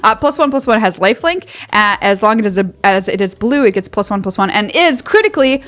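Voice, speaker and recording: A woman's voice: mid-range voice, expressive, fast talker, fairly bright tone. A woman, a guest and commentator, chatting casually, gushing playfully and laughing often. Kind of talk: casual chat.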